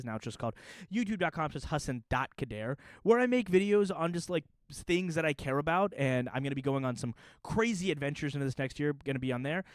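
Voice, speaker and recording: A young man talking casually to his viewers in a chatty, joking manner, with quick asides. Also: medium pitch, dry recording. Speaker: youtuber. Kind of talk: casual vlog explainer.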